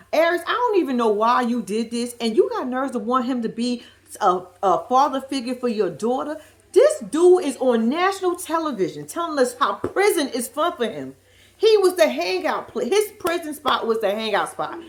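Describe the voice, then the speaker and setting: A woman's voice: on the high side, very animated, moderate pace. A woman giving a casual, blunt and profane reaction commentary on a reality TV show, repeating lines for emphasis.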